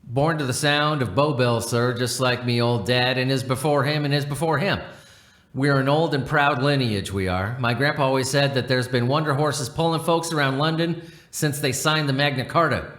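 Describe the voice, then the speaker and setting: A man's voice: mid-range voice, normal speed, fairly bright tone, natural voice. Proud talkative coach horse, working-class chatter, a man reading it in his own voice, roomy echo. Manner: homely working-class talk, read without a put-on accent.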